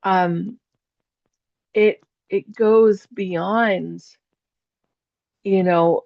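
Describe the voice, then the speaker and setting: A woman's voice: mid-range voice, fairly even intonation, very slow, creaky, no echo, muffled recording. A woman psychic teaching a spiritual class in a chatty storytelling way, laughing often.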